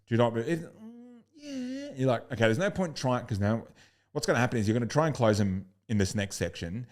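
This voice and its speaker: A man's voice: medium pitch, darkish tone. A man coaching sales in a recorded lesson, blunt and upbeat, swearing casually and acting out customer calls.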